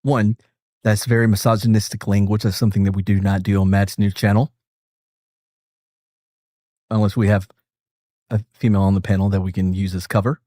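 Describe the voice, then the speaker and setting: Male host, casual reaction commentary, wry and self-interrupting; lower voice, dry booth-like sound. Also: little pitch movement, fairly quick, long pauses, warm tone, no echo. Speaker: channel host reacting to a video.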